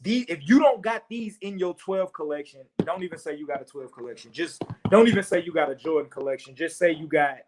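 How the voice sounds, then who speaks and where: A man's voice: a little high, expressive, fast talker, few pauses, noisy background. A man from St. Louis talking casually about his sneakers, rambling and leaning on "you know what I'm saying". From St. Louis, USA. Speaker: sneaker battle contestant. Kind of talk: casual chat.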